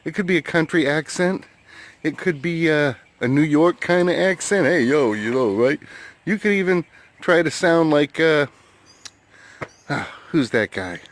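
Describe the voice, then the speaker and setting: A man with an American accent, chatting casually to the camera as a metal detecting vlogger, laid-back and quick to laugh. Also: a little high, animated. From United States. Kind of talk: casual vlog talk to camera. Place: outdoors at a hunting site and by his truck.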